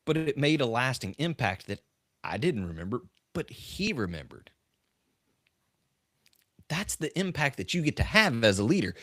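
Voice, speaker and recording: A middle-aged man talks leadership on a live-stream podcast, in a voice of ordinary pitch. He tells stories earnestly, hammering his main points through repetition. The recording is dry and close, with no room sound. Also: sing-song, normal speed, pauses often, a bit bright, no echo. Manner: earnest, emphatic, repeats key phrases. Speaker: leadership coach and podcast host. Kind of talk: live-stream talk with storytelling.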